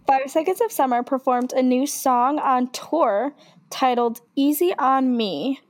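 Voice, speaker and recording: A young woman co-hosting a podcast in casual chat, excitable and gushing, with casual swearing. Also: high voice, a little slow. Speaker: podcast co-host.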